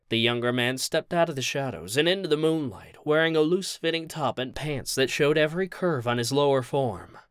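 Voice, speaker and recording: A man reading a story aloud as a podcast narrator, in a steady, measured way. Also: mid-range voice, clear, resonant tone, no echo, clean studio sound.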